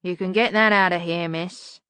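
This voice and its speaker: A woman voicing a gruff, surly male bar doorman who grumbles slowly in working-class speech. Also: fairly low pitch, fairly even intonation, pushed and bright, dry recording. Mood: grumbling.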